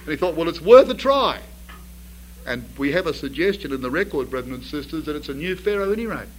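High-voiced man preaching a sermon. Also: lively intonation, racing, low-quality recording. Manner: storytelling with rhetorical questions, builds to emphatic bursts.

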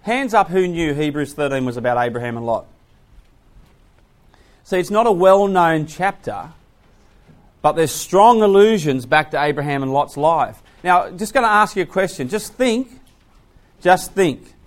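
A man giving an animated, story-driven Bible talk to young people, often breaking into loud exclamations. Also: fairly high pitch, a little slow, pauses often. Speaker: Bible class speaker.

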